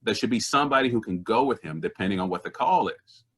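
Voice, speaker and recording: A man, a comedian, telling stories in conversation, animated and earnest, slipping into other people's voices. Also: fairly low pitch, quick pace, slightly rough. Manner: earnest and indignant about social issues. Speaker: comedian guest. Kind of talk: conversational storytelling.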